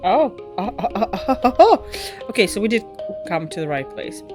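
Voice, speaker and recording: A young woman streaming a game, chatting casually and excitably, swearing and laughing often. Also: medium pitch, moderate pace, over music. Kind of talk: casual gameplay chat.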